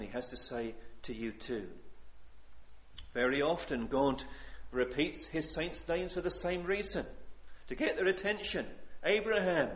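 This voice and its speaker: A man's voice: a little high, echoey room. A man preaching a sermon in an earnest, pleading way, repeating phrases for emphasis.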